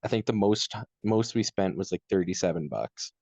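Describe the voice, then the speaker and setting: A man's voice: deep voice, moderate pace, a little mellow, dry recording. A young Canadian man with a Canadian accent, co-hosting a podcast and telling stories in a laid-back way, dropping "dude" often. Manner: laid-back storytelling, lots of "dude" and laughter. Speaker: podcast co-host. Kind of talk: casual chat.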